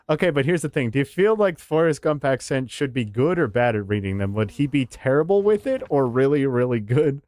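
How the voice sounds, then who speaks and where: A man's voice: mid-range voice, sing-song, a little fast, few pauses, darkish tone, dry recording, clean studio sound. A man streaming a game, chatting casually in a rambling, self-mocking way. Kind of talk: casual live game commentary.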